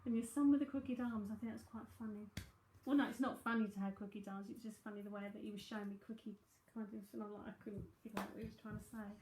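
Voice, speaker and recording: A woman's voice: mid-range voice, steady tone, fast talker, hardly any pauses, a little mellow, a little hiss or hum. A woman in her forties with a South London accent, giving a live psychic reading and chatting breezily with viewers, full of asides and fillers. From South London, England. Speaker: psychic medium and tarot reader. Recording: echoey room.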